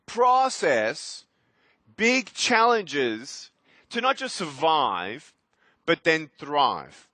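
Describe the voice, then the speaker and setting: A man in his thirties giving a keynote as a motivational speaker, energetic and emphatic, with sudden loud bursts. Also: on the high side, drawn-out words, no echo. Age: 30s. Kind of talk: keynote speech.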